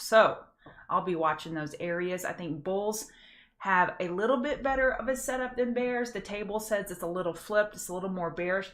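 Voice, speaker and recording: A woman with a Louisiana Southern accent and a fairly low voice hosts a live pre-market trading show. She is chatty and folksy, greets viewers by name, and slows down to pronounce each word carefully. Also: fairly bright tone. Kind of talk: casual live-stream market commentary.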